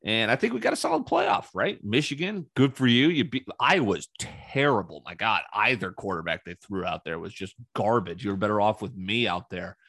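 A man's voice: on the low side, sing-song, moderate pace, vocal fry, few pauses, a bit bright, breathy edge, no room sound, studio quality. A man hosting his own sports talk show, rambling and opinionated with sarcastic asides, speaking casually on his own. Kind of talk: casual solo sports commentary.

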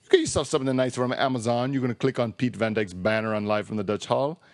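A podcast host voicing a brash stereotyped Italian-American man, with an exaggerated accent and broken grammar in a playful ad pitch. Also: fairly even intonation, rapid-fire, darkish tone, dry recording, natural voice. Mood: hammy.

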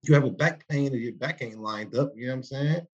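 A man's voice: mid-range voice, fairly quick, breathy edge. Man in his forties on a lo-fi mic. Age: 40s. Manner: loose, preachy, rambling street talk. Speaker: podcast co-host. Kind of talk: casual chat. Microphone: broken mic, poor substitute. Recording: dull lo-fi makeshift mic.

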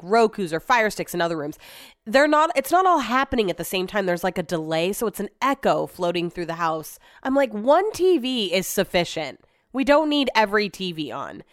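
A woman chats on her own podcast from home in a loose, rambling way, with plenty of casual swearing. Her voice sits in a middle register. The sound is dry and close, with no room echo. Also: medium pitch. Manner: rambling, chatty, swears freely. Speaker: podcast host. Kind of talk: casual solo chat.

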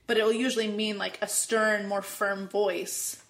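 A woman's voice: medium pitch, little pitch movement, moderate pace. A woman, a mother, reflecting in casual conversation on her children's tantrums. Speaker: guest, mother.

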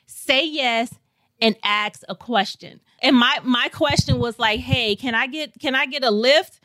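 An animated woman from St. Louis tells a story as a podcast guest, often breaking into laughter. Her voice is bright and sits a little high. The sound is dry and close. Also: a little slow, dry recording. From St. Louis, Missouri. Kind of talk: casual storytelling.

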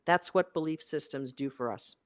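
A career coach delivering an emphatic motivational monologue, repeating key phrases for effect. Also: moderate pace. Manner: emphatic and repetitive, with big swings in pitch and loudness.

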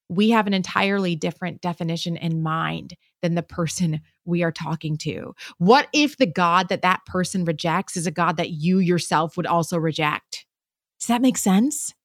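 A woman hosting a podcast, teaching in an earnest monologue full of rhetorical questions and emphatic pauses. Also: on the low side, no echo, clean studio sound. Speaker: podcast host.

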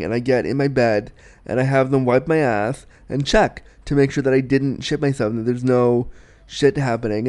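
A young man hosting a podcast, answering a listener's question in a frank, animated, self-deprecating way. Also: medium pitch, clean tone. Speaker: podcast host. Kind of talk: candid advice chat.

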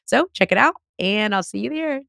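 A woman, hosting a podcast interview in an effusive, animated way with casual slang. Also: medium pitch, normal speed, gravelly, background noise. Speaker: podcast host.

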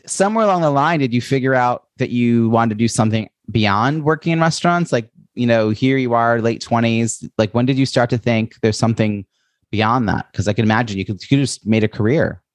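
A man's voice: mid-range voice, fairly quick, dry recording, clean studio sound. A man hosting a podcast, asking probing questions and thinking aloud about his guest's story. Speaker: podcast host. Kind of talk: interview conversation.

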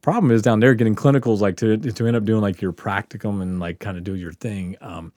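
A man, a podcast host telling a story in casual chat, animated and profane, laughing often and acting out quotes. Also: fairly low pitch, brisk, dry recording, clean studio sound. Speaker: podcast host answering questions.

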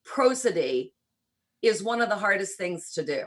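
An older woman with a faint Southern lilt that still slips into her vowels. Her voice is husky and a little breathy, and she tells her stories in a relaxed interview, reflective with a light touch of humor. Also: mid-range voice, moderate pace. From rural Kentucky, US. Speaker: interview guest, church missionary. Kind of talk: conversational interview.

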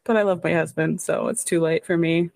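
A woman's voice: deep voice, fairly even intonation, brisk, vocal fry, a little mellow, no echo. A woman in her thirties co-hosting a chat podcast, rambling and laughing through her stories. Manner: giggly, rambling, lots of laughing asides. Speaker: podcast co-host. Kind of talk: casual chat.

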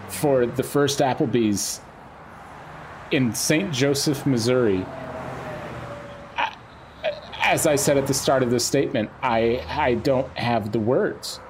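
A giddy superfan in line for a restaurant opening, as a man plays him. He gushes in grand, flowery phrases. His voice sits at a middling pitch. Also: takes it slowly, pauses often, background noise, natural voice. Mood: gushing. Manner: overwrought, flowery gushing.

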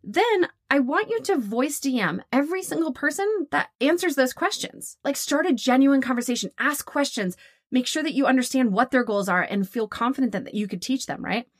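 A woman hosting a coaching podcast, talking photographers through ideas in a chatty, upbeat way and acting out quoted conversations with big jumps in pitch. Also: expressive, a little fast, no echo, clean studio sound. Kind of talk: casual coaching monologue.

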